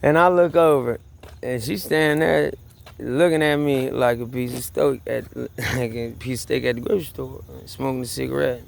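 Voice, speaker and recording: A man's voice: mid-range voice, fairly even intonation, normal speed, vocal fry, a little hiss or hum. A man telling a story in a casual monologue, rambling, swearing and laughing as he repeats himself. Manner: rambling, profane, laughing, repetitive. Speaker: vlogger.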